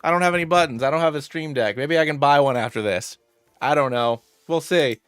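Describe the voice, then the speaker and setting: A man streaming a game live, rambling through his moves and excitedly thanking viewers by name. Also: a little high, fast talker, smooth, no room sound, clean studio sound, soft background music. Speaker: streamer playing a fusion monster game. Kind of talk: casual live-stream chat and game commentary.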